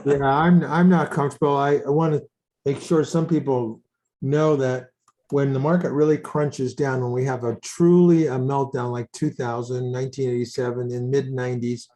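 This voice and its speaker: An older man co-hosting a casual market chat, giving measured, cautionary advice. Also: medium pitch, warm tone. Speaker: co-host.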